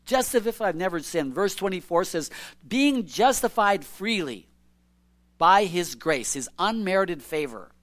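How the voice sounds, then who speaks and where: A male preacher teaching from scripture in a sermon. His voice sits high and swings widely in pitch as he reads verses and then explains them conversationally. He keeps asking rhetorical questions along the way. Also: lively intonation, unhurried, a bit bright.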